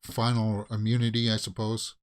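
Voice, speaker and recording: A man's voice: lowish voice, completely flat delivery, moderate pace. A man hosting a watch-along reaction video, giving casual commentary that swings into exasperated rants with repeated questions.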